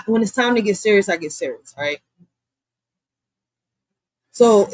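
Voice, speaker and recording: A woman hosting a casual livestream, talking bluntly with lots of swearing and reacting loudly, with laughs, to comments from her chat. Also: mid-range voice, dry recording, rough recording. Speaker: livestream host.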